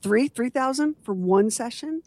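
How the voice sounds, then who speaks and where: A woman's voice: a little high, a little slow, no room sound. Joking woman co-host, dry close sound. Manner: animated, joking, self-deprecating. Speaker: podcast co-host. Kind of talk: casual chat.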